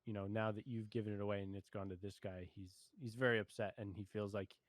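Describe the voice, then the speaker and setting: A man's voice: on the low side, little pitch movement, quick pace, no echo. A young man co-hosting a casual show review, recapping scenes in an easygoing way, laughing often and stopping to find words.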